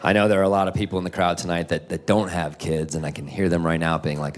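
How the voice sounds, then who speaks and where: A man in his thirties performing stand-up comedy on a club stage, animated and jumping into shouted high voices for the people in his stories. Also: fast, hardly any pauses, crowd noise, background noise.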